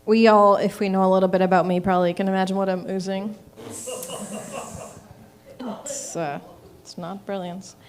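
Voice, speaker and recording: A woman's voice: medium pitch, flat delivery, normal speed, long pauses, a crowd in the background. Hesitant self-deprecating woman comic. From Chile. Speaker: comedian. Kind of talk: stand-up set. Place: comedy club stage.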